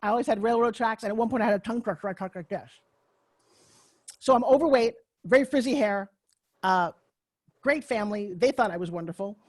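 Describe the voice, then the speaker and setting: This middle-aged woman talks fast in a fairly high, darkish voice with no echo, recounting her life story as a talk on a video call via her computer mic. She has a Long Island New York accent and comes across brash, candid, and self-mocking, cursing freely as she goes.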